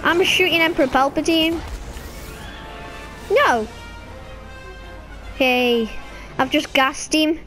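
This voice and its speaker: A woman giving casual, excitable commentary while playing a video game, chatting away and breaking into sudden high squeals. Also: takes it slowly, pauses often, faint music behind.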